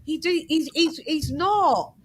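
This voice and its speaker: A woman's voice: sits high, over a noisy crowd, rough recording. A woman hosting a casual boxing panel, arguing firmly and talking over her guests. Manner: talks over others, argues firmly, quick questions. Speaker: host of a boxing panel show.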